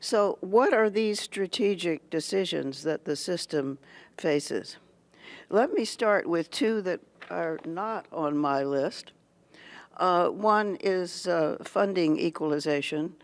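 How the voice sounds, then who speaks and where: A speaker gives a prepared address to a meeting hall, picking each word slowly and carefully. The voice has a gravelly, creaky edge, and the delivery stops and restarts often. Pitch sits in an ordinary middle range. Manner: deliberate, halting, many pauses and restarts. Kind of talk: prepared public speech.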